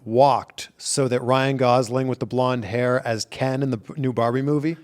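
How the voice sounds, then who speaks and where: A man in his late thirties hosting a casual interview, chiming in with quick, enthusiastic replies. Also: medium pitch, fairly even intonation. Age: 30s. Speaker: interview host.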